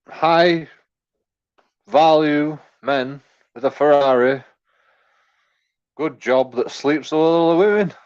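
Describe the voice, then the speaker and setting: A man in his 40s, working as a commentator, reacts to a clip with a rambling, crude rant packed with profanity. His voice sits a little high with a darkish tone, and the recording is lo-fi. It's a casual reaction rant.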